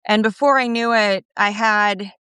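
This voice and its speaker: A woman guest in a remote interview, telling stories in a lively, animated way and mimicking other people's lines. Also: mid-range voice, measured pace, clean tone, no room sound. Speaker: guest commentator. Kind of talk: casual interview chat.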